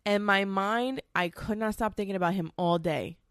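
A woman's voice: mid-range voice, normal speed, clean tone, no room sound, clean studio sound. A woman hosting her own show, telling a personal story in a candid, chatty, confiding way. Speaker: podcast host. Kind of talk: casual solo storytelling.

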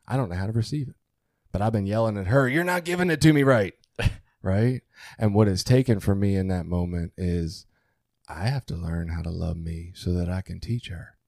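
A man's voice: deep voice, vocal fry, warm tone, no echo, clean studio sound. A man co-hosting a podcast, talking candidly and earnestly about his relationship, swearing freely. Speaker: podcast co-host. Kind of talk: candid conversational podcast talk.

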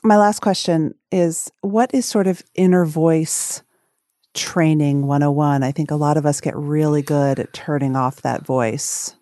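A woman's voice: sits low, fairly even intonation, unhurried, dark tone, no room sound, studio quality. A woman hosting an interview who asks probing, empathetic questions. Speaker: podcast host.

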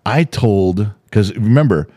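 A middle-aged man co-hosting a podcast at home, animated and swearing freely as he tells family stories. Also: fairly low pitch, unhurried. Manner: animated, swears freely, acts out quotes loudly. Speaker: podcast co-host. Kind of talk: casual chat.

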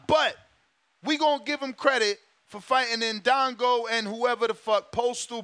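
Man, very high voice, dry close sound, boxing show host, emphatic, profane rant. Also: bright, forceful tone, no echo. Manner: emphatic, profane, repeats himself. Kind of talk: casual talk show rant.

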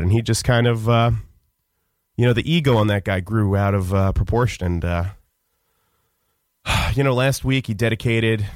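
A man telling a rambling, mock-solemn comic story on a radio show, halting with many fillers. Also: fairly low pitch, dry recording, clean studio sound. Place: radio studio.

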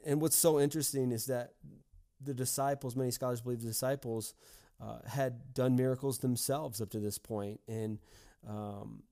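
An earnest male pastor preaching a devotional message in a mellow, warm voice at a middle pitch. He often repeats words and fills pauses with "uh" and "um" as he works through his points. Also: fairly even intonation. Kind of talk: devotional sermon.

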